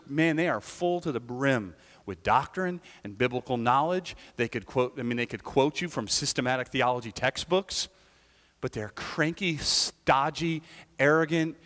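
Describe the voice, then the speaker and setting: High-voiced man preaching in a hall. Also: fairly bright tone. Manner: conversational preaching, frequent "right?" tag questions. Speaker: pastor. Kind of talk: sermon. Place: church.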